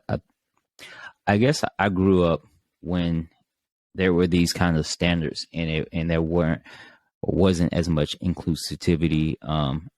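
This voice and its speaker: A man hosting an interview, asking questions in a measured, thoughtful way. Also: a bass voice, darkish tone, no room sound. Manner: measured and thoughtful, with brief backchannel replies. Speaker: podcast host. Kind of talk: interview conversation.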